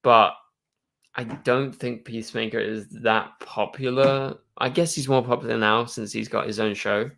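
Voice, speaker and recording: A man's voice: medium pitch, steady tone, normal speed, gravelly, a bit bright. A young man hosting a live stream, chatting casually and answering viewer questions, rambling with lots of fillers. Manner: rambling, full of "like" and "um".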